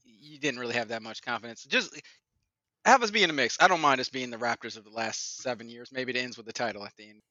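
A man with a bright, edgy voice lays out long, earnest questions about basketball. The sound is dry and muffled, like a lo-fi remote recording. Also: mid-range voice, fast talker, few pauses, no echo. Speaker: podcast co-host. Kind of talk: casual sports chat.

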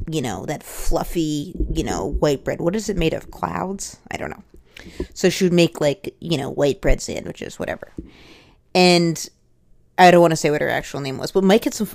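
A young woman comedian with a low, gravelly voice tells frank, crude stories on stage. She rambles through asides and stops to correct herself as she goes. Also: a little mellow. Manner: rambling, candid, crude, with self-interrupting asides. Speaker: stand-up comedian. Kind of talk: stand-up storytelling.

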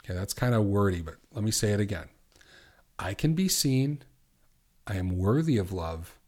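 A middle-aged man hosting a podcast as a recovery coach, asking earnest questions and slowing down to repeat affirmations. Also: fairly low pitch, animated, darkish tone. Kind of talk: coaching monologue.

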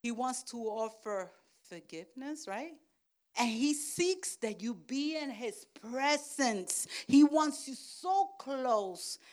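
A woman pastor preaching a sermon, checking in with "Amen?" and "right?", and swinging from soft asides to loud calls. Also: sits high, animated. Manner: slow, deliberate delivery.

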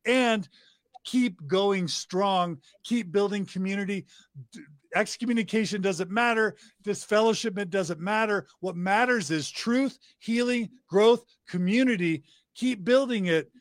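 A man's voice: sits high, unhurried, no room sound, clean studio sound. A middle-aged man, a podcast guest, talking with passion and piling up emphatic lists of praise. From United States. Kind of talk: enthusiastic interview talk.

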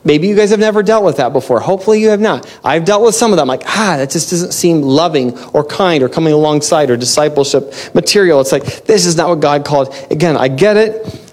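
A man's voice: a little high, a little fast, darkish tone. A man preaching a casual, conversational sermon, chatty and self-interrupting, laughing often as he talks. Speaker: pastor.

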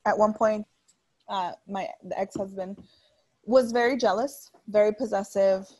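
A woman in her thirties co-hosting a casual chat, blunt and animated as she tells stories, swearing freely. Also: mid-range voice, moderate pace, husky. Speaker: podcast co-host.

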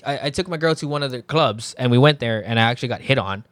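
A man in his thirties, a podcast guest telling lively stories with lots of swearing and laughter. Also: mid-range voice, very fast, no room sound. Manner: animated storytelling, swearing, laughs often. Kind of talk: casual chat.

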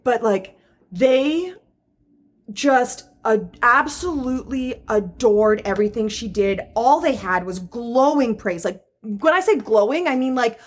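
A woman's voice: a little high, expressive, unhurried. Woman gushing in casual chat. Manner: emotional, swears often, many fillers.

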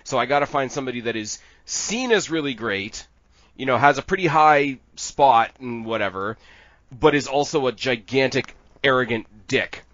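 A man's voice: medium pitch, normal speed, fairly bright tone, dry recording. A man in a casual fan-casting chat, rambling and crude, laughing often. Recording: dull lo-fi sound.

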